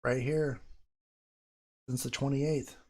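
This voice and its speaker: A man hosting a casual livestream, talking straight to his viewers. He is loose and excitable, swears freely, and keeps a running, off-the-cuff commentary. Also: medium pitch, takes it slowly. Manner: profane, excitable, talks to chat. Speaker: livestream host. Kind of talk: casual live-stream commentary on crypto charts.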